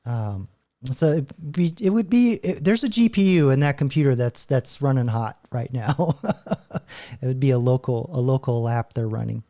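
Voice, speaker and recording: Rambling male host, mellow voice, loose commentary. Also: medium pitch, lively intonation, moderate pace. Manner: rambling, stop-start, laughing often. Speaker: channel host. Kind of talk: casual commentary while browsing videos.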